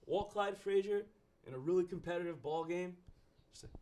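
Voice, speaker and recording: A man's voice: sits high, normal speed, darkish tone. Profane, rambling stand-up comic man. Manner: profane, rambling and self-mocking. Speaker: stand-up comedian. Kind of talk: stand-up comedy set.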